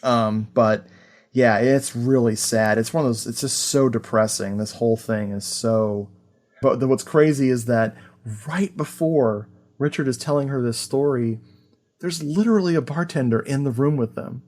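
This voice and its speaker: A man hosting a podcast, chatting casually about an old film, animated and full of fillers and laughter. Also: mid-range voice, normal speed. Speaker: podcast host. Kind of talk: casual film review chat.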